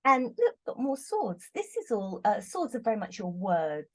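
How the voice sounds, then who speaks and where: A woman's voice: medium pitch, huge pitch swings, moderate pace, a little mellow. A middle-aged British woman, a tarot reader hosting a casual chat, talking in a chatty, giggly, exclamatory way. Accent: British English. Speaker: tarot reader, channel host.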